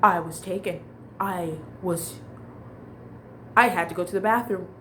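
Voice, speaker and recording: A woman's voice: lowish voice, a little slow, fairly bright tone, a little hiss or hum. A young adult woman telling a casual storytime monologue, candid and rambling, restarting her sentences and swearing freely. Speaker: vlogger.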